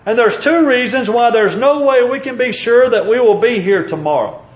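A man preaching a sermon in a fairly high voice, earnest and measured, pausing with fillers as he quotes scripture. The sound is echoey and a little dull.

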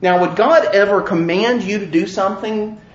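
A man preaching a sermon, asking the listeners question after question in an earnest, deliberate way. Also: high-pitched. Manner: slow, questioning, earnest delivery with rhetorical questions. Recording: roomy, slightly dull recording.

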